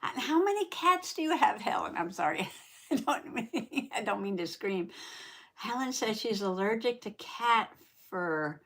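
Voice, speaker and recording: A woman hosting a casual craft livestream, chatty and quick to laugh, reading out chat comments and repeating herself, with allergies that make her clear her throat. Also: medium pitch, expressive, fairly bright tone. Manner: says howdy and reads chat comments aloud.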